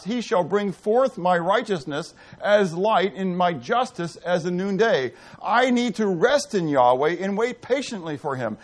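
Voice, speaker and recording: An animated male pastor delivers a sermon in a somewhat high voice with a very lively pitch. He keeps asking his congregation questions. He swings from punchy emphasis to near-whispered asides. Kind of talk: interactive sermon.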